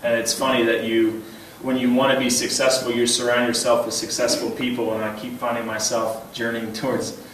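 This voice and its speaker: A man's voice: mid-range voice, brisk, hardly any pauses. A man in his thirties gives a light, humorous speech at a banquet and tells personal stories with plenty of chuckles. He restarts his sentences often, and his voice sounds distant and washed in heavy reverb from a large hall. A faint hum of room noise sits underneath. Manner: animated, chuckling often, repeats words when starting a thought. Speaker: banquet keynote speaker. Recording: very echoey hall, voice heard from a distance.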